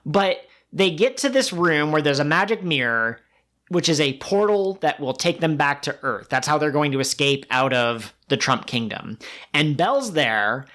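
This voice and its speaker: A man's voice: on the high side, moderate pace. A man co-hosting a podcast, recapping anime episodes in casual chat and acting out the characters' lines as he goes. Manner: animated retelling with quoted character lines. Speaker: podcast co-host.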